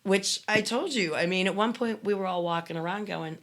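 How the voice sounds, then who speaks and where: A woman co-hosting a podcast as a former cult member, chatting casually and telling animated stories with quoted asides, a little tired. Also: medium pitch, fairly quick. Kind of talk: casual chat.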